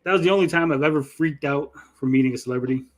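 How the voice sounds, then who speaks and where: A middle-aged man hosting a casual podcast races through a story in a slightly high voice. Swearing freely, he animatedly acts out what people said.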